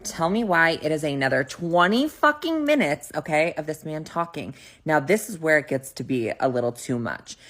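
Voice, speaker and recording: Woman with a deep voice telling a date story straight and salty, filler-heavy. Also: lively intonation, normal speed, hardly any pauses, fairly bright tone. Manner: blunt, profane, full of "like". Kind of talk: casual storytime.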